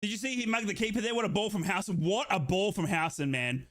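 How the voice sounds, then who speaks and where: A young man calls a football match as an overjoyed fan, shouting in bursts until he runs out of breath. His voice sits high and sounds bright and sharp. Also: fast talker. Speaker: fan watchalong streamer. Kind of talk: excited fan commentary.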